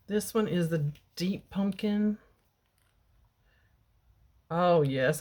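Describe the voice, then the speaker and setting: A woman's voice: takes it slowly, long pauses, darkish tone, slight background noise. A middle-aged woman chatting casually at home about gel polish she bought, showing each bottle to the camera. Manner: chatty, baby-talks her cat in a high cooing voice. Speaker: beauty vlogger. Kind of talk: casual product haul chat. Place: home bedroom.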